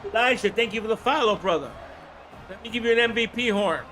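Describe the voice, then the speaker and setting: Male streamer, hoarse, high-pitched, excitable casual play-by-play, faint music behind. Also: quick pace. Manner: excitable, chatty, swears casually. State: hoarse throat. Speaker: livestream host. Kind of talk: casual play-by-play game commentary.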